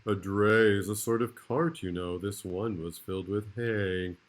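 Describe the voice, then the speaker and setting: A man's voice: on the low side, measured pace. A male kindergarten teacher reading a rhyming storybook aloud in a playful, rhythmic way.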